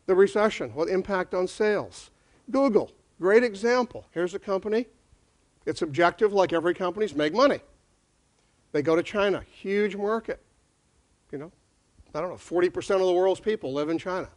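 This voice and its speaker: Male speaker, high voice, emphatic, addressing a live audience with rhetorical questions. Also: darkish tone. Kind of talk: conference talk.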